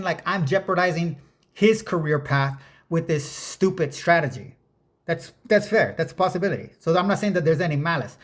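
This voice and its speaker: A man's voice: fairly high pitch, a bit bright. A man giving personal testimony in an earnest, rambling way, often correcting himself mid-sentence.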